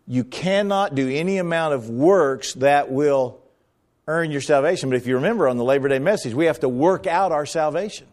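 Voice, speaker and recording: A man's voice: fairly high pitch, normal speed, a little mellow. A middle-aged man preaching a sermon as pastor, dramatic and swinging his voice up and down as he acts out quotes.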